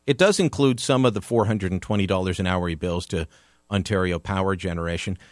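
A man's voice: sits low, brisk, no echo, clean studio sound. A Canadian man hosting a talk radio show, delivering opinionated commentary with emphatic, sarcastic energy.

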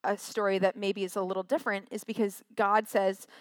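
A woman's voice: medium pitch, little pitch movement, a little fast, no room sound. A woman giving a casual, chatty sermon from a stage, acting out quotes in little voices. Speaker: preacher.

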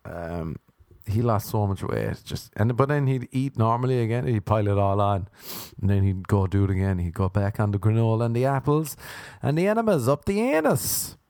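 A man performing a stand-up comedy routine, telling stories deadpan and breaking into animated voices for the people he quotes. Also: on the low side, moderate pace, no echo, studio quality. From Ireland.

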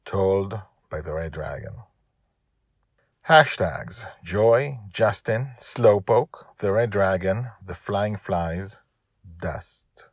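A man reading his own serial story aloud, telling it in a gentle, earnest way. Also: low-pitched, expressive, drawn-out words, slightly rough, no echo, studio quality. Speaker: author and reader of a serial story. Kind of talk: storybook narration.

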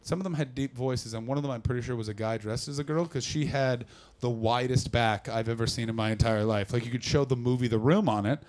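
A man telling a comic story on a podcast, animated and breaking into loud impressions. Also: mid-range voice, fast, hardly any pauses. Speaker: comedian and podcast host.

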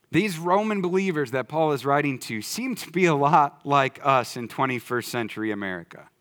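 A male pastor giving a sermon in a church, talking in a conversational way that swings from quiet, low emphasis to loud excitement. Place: church sanctuary.

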